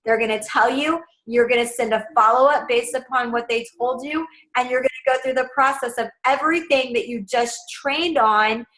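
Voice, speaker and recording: A woman's voice: on the high side, normal speed, few pauses, fairly bright tone, low-quality recording. A young adult woman coaching her sales team in a casual, upbeat, direct way.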